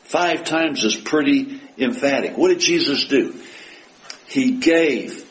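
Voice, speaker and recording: A man preaching a sermon to his congregation. He talks with emphasis, asking rhetorical questions and quoting scripture with rising force, then sinking to a hushed voice for heartfelt prayers. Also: mid-range voice, unhurried, low-quality recording.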